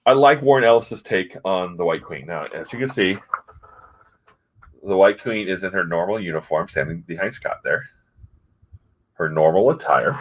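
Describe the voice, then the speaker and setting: Male comic reviewer, lowish voice, chatty and halting, lots of ums. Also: slight background noise. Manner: rambling, halting, many fillers and restarts. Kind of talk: casual comic review chat.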